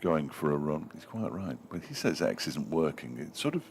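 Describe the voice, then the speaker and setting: Very deep-voiced chatty cricket commentator man. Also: big pitch swings, normal speed, darkish tone, a little hiss or hum. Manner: chatty, reads out listener messages, self-mocking. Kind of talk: live sports commentary with banter.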